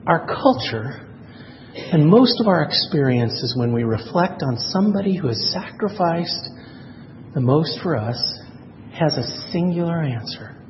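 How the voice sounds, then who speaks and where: A man's voice: fairly high pitch, a little slow, pauses often, big-room sound, muffled recording, slight background noise. A man preaching a sermon, telling stories and acting out quotes with energy. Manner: animated storyteller, voices quotes. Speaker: pastor.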